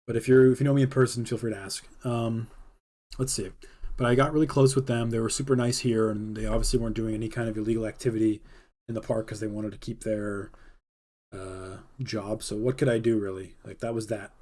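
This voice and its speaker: A man's voice: on the low side, flat delivery, brisk, warm tone. A young man hosting a livestream, telling a rambling, laid-back story with a lot of fillers. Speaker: livestream host. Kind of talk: casual storytelling.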